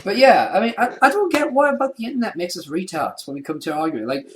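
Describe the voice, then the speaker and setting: A man's voice: high voice, sing-song, quick pace, a little hiss or hum. Brash sweary young man, co-hosting. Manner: brash, sweary, self-mocking. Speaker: co-host. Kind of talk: casual podcast banter.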